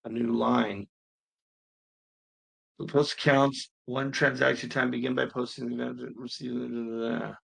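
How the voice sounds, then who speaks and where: A male instructor talks his students through accounting homework in a relaxed, unscripted way. His voice sits at an ordinary pitch with a gravelly fry. He thinks aloud as he works and lets some mild exasperation slip through. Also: slow. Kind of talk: screen-recorded homework walkthrough.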